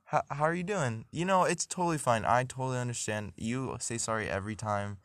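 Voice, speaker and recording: A man's voice: mid-range voice, fairly quick, a bit bright, no room sound, studio quality, voice pushed up, natural voice. A man voicing an overly friendly male sentient toilet that chats and reassures in a soothing way. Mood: reassuring. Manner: chatty, soothing, eager to please.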